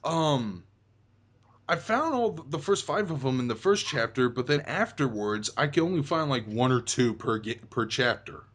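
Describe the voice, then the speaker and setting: A man's voice: medium pitch, lively intonation, moderate pace, a bit bright. A young man hosting a casual chat about a video game, rambling with many fillers and restarts. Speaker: host.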